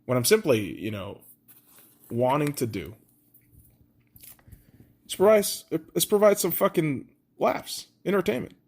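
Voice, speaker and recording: A man hosting his own podcast alone, talking in a profane, rambling, self-deprecating way. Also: mid-range voice. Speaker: podcast host. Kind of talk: casual solo podcast monologue.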